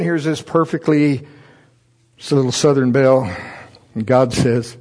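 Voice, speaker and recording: A man preaching a sermon through a humorous personal story. He chuckles often and jumps into loud, high-pitched voices when he acts out his own thoughts. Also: unhurried, pauses often. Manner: chuckles often while telling stories.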